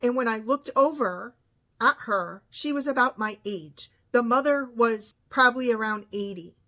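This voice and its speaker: A woman's voice: a little high, moderate pace, bright, forceful tone. Chatty, exasperated woman in her fifties. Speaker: vlogger. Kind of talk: casual storytelling monologue.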